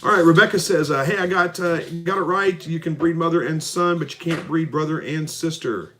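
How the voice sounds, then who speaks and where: A middle-aged man hosting a casual live stream, reading out viewer comments and answering in a relaxed, folksy way. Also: on the high side, a little fast, soft background music. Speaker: livestream host answering viewer questions. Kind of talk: casual live Q&A about raising rabbits and quail.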